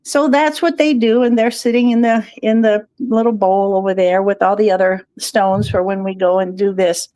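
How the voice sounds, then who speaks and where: A woman's voice: medium pitch, fairly even intonation, normal speed, hardly any pauses, dark tone, no echo. A woman guest talking in a chatty, digressive way and laughing often. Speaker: guest, crystal shop owner. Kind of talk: casual interview chat.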